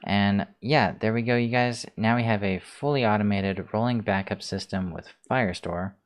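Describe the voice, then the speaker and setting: A man hosting a casual screencast coding tutorial, talking through his steps in a relaxed way with many ums, keyboard clicks heard. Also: on the low side, moderate pace, clear, resonant tone. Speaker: tutorial host.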